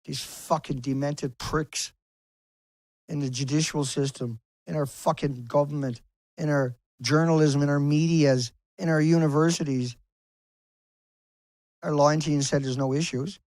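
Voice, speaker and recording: A man's voice: fairly high pitch, fairly even intonation, unhurried, darkish tone, dry recording. Man in a swearing, impassioned rant. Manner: angry, swearing, repetitive and emphatic. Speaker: environmental activist vlogger. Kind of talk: impassioned profane rant to camera. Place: outdoors on a beach.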